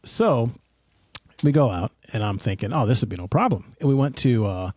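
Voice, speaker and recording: A man's voice: mid-range voice, lively intonation, moderate pace, a little mellow, no room sound, studio quality. A middle-aged man hosting a podcast, telling a rambling, self-mocking story in casual chat. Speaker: podcast host.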